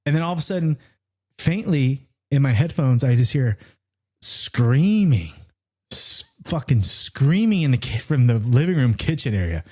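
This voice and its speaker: Man, podcast co-host, animated rant, swears freely, pitch all over the place. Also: moderate pace, slightly rough. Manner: excitable, swears freely, jumps into high-pitched retellings.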